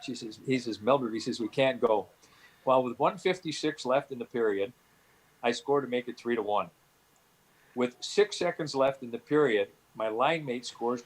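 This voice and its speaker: A middle-aged man from Canada recalls his playing days in a loose, rambling way. His voice sits at an ordinary pitch, and his stories keep restarting, padded with "you know" fillers. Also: low-quality recording. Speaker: guest, former hockey player. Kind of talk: storytelling interview answers.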